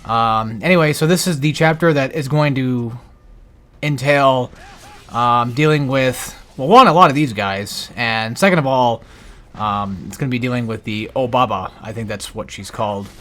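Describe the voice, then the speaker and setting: A man's voice: mid-range voice, moderate pace, a bit bright. A man narrating a game guide over gameplay in a casual, rambling way, a bit out of breath. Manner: rambling, many fillers and restarts.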